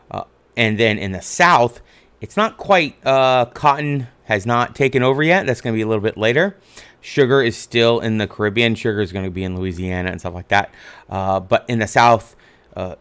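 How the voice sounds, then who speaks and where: A man's voice: fairly low pitch, a bit bright, smooth. A man teaching a history lesson over slides, talking in a casual, rambling way with many fillers and frequent "right?" checks.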